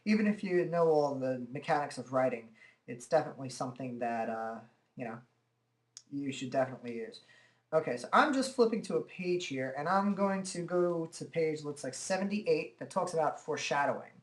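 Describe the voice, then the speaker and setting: A man giving a relaxed, chatty walkthrough of software at his computer, talking into a desk microphone and filling pauses with "uh" and "okay". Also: fairly high pitch. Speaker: software tutorial presenter. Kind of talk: casual screen-recorded software demo.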